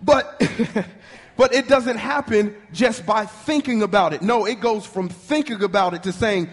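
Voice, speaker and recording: A man preaching a sermon with fervent energy, leading the congregation in call-and-response and speaking in rapid bursts with restarts. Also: high voice, big-room sound.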